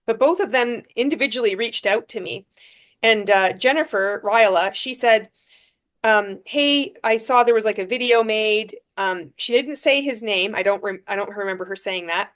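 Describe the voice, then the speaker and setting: A woman guest on a podcast, telling her story frankly, with lively restarts and fillers. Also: medium pitch, normal speed. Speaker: podcast guest, former MLM seller. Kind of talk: candid storytelling interview.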